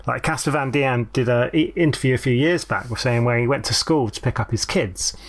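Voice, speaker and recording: A man co-hosting a film podcast, telling relaxed anecdotes and trivia. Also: mid-range voice, a little fast. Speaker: podcast co-host. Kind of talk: casual film review chat.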